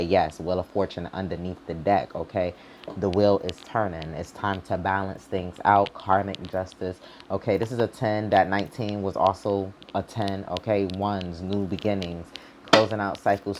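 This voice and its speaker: A man with a fairly low voice gives a casual tarot reading, drifting from thought to thought. His talk is informal and streetwise, with the odd swear word. A faint noise sits under the voice. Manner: loose and rambling, heavy on "like" and "you know". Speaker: tarot reader.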